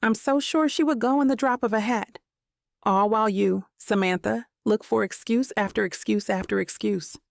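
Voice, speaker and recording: A woman's voice: medium pitch, moderate pace, gravelly, no echo, studio quality, natural voice. A woman narrating an audiobook voices a nagging, guilt-tripping mother who scolds her daughter. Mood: scolding. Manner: scolding, insistent.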